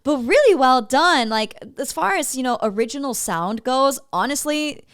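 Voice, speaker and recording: Female vocal coach, smooth resonant tone, slightly high, chatty feedback with sung examples. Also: animated, normal speed, a bit bright. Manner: explains in a chatty way and sings short demo phrases. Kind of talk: coaching feedback on singing clips.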